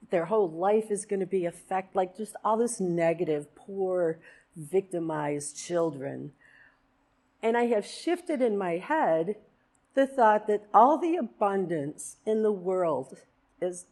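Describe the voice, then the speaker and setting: A woman's voice: mid-range voice, a little mellow. A woman in her fifties giving a personal testimony at a church service, earnest and rambling, with many fillers and restarts. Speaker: congregant sharing a testimony. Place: church sanctuary.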